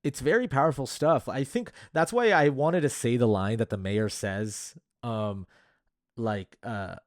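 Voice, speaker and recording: A man's voice: medium pitch, measured pace, no echo, clean studio sound. A man co-hosting a casual movie podcast, rambling with lots of fillers. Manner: animated, rambling with many fillers. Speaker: podcast co-host.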